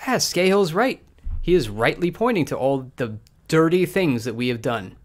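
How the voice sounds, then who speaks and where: A man hosting a podcast with livestream commentary, combative and sarcastic, dropping to mutters and then breaking into loud outbursts. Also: on the high side, sing-song, normal speed. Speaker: podcast host.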